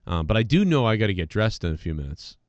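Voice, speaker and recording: A man's voice: fairly low pitch, very animated, fast talker, no echo, muffled recording. Profane, rambling man ranting solo. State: congested from allergies. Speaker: podcast host. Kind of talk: casual solo rant.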